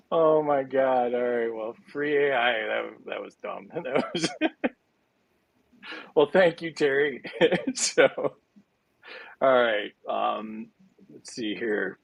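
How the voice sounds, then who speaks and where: A man's voice: mid-range voice, big pitch swings, very slow, creaky, long pauses, no room sound. A man hosting a chaotic online game show, joking and rambling with lots of ums and uhs as he handles the scores. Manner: jokey, rambling with many fillers.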